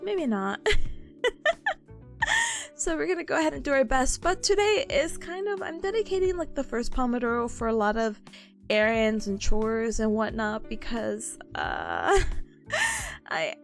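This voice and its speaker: Bubbly high-voiced woman streamer. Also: big pitch swings, unhurried, gravelly, long pauses. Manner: bubbly, giggly, chatty with fillers. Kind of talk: casual chat with viewers on a study stream. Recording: faint music behind voice. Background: faint background music.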